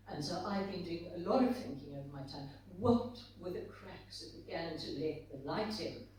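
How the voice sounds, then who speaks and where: An older woman from South Africa, speaking as a guest author on a conference stage. She reflects on the past and tells stories as she walks through pictures shown to the audience. Her voice carries loud reverb and sits well away from the mic. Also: medium pitch, recorded from a distance, a little hiss or hum. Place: conference hall. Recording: very echoey hall, voice from off-mic.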